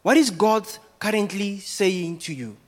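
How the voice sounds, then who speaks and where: High-voiced man preaching a sermon. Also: animated, measured pace. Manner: preaching with many rhetorical questions. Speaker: pastor.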